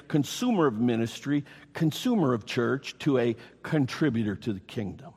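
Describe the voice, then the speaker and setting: A man's voice: medium pitch, lively intonation, normal speed, hardly any pauses, slightly rough. A man preaching a sermon as pastor to his congregation, reading scripture aloud and speaking directly to the people. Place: church. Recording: reverberant hall.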